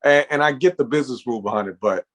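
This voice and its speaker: A man's voice: mid-range voice, fast talker, a bit bright. A man from Los Angeles, co-hosting a casual podcast, laid-back and hesitant as he searches for words. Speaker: podcast co-host.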